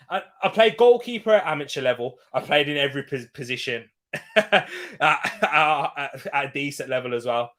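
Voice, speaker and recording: A young man hosting a live football watch-along, chatting loosely and rambling between match updates. His voice is bright and forceful and sits at a middle pitch. He jumps into quick excited bursts when the play heats up. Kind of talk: casual live-stream chat and match commentary.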